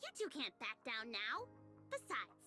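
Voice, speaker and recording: Game voice: steady young idol, high and animated, over game music. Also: female voice, a little slow, heavily acted. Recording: game audio under music.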